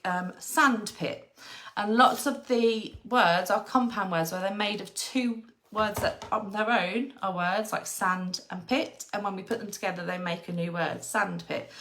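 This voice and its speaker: Woman teaching phonics to parents, slow and patient, breaks words into sounds. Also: medium pitch, a bit bright. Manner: patient, sounds out letters slowly.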